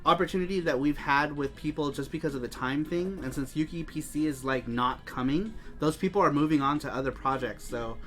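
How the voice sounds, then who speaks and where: A man's voice: a little high, a little fast, hardly any pauses, fairly bright tone, faint music behind. Chatty man hosting a live stream. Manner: chatty, laughs often, reads chat aloud. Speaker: show host. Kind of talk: casual live-stream chat.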